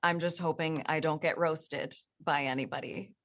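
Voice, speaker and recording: Young actress being interviewed, low voice, upbeat and chatty. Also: female voice, moderate pace. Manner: animated, enthusiastic. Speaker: actress guest. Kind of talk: interview answers.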